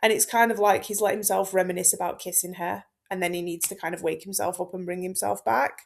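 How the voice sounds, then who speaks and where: A Latin teacher explains a poem for exam revision, line by line. She is loose and chatty, full of fillers and asides. Her voice has a gravelly fry running through it at a middling pitch. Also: fairly even intonation, fast. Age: 30s. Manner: chatty and informal, with frequent fillers. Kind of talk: exam-focused text explanation.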